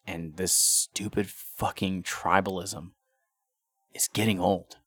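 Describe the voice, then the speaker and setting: A man's voice: low-pitched, flat delivery, takes it slowly, a bit bright, slightly rough. A man hosting a podcast, ranting casually and profanely with frequent stammered restarts. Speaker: podcast host.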